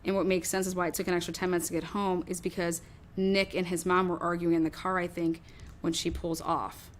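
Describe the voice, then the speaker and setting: A woman's voice: fairly low pitch, little pitch movement, brisk, slight background noise. A woman hosting a true crime show, talking through her theory in a rambling, casual way, swearing often and acting out what others might have said.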